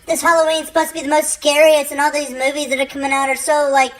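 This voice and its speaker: Brief: woman putting on a high, whiny, fretful worrier, slow and drawn out. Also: flat delivery, fairly bright tone. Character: anxious gossiping everyday person.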